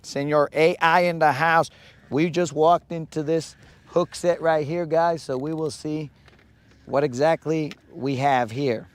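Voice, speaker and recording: Playful hyped higher-voiced man angler. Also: steady tone, a little slow, smooth. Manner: playful, hyped banter peppered with Spanish slang. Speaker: angler, channel host. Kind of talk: live fishing vlog commentary. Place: outdoors on a lake.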